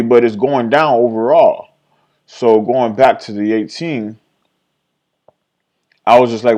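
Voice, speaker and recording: A young man recapping his day trades in a casual screen-share vlog, rambling, swearing and blaming himself, and voicing his own past thoughts in an excited, higher voice. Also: moderate pace. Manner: rambling, self-critical, swears freely, trails off and restarts.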